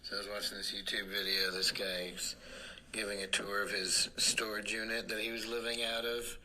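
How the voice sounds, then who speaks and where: Man telling a recorded joke, deadpan storytelling, low-pitched but sharp bright tone, faint noise. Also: moderate pace, low-quality recording. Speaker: comedian.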